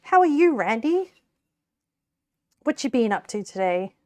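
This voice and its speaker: A woman's voice: on the high side, big pitch swings, unhurried, a little mellow, dry recording. A young Australian woman streaming while she cooks, chatting casually and rambling, with frequent laughs and casual swearing. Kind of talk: casual live-stream chat while cooking.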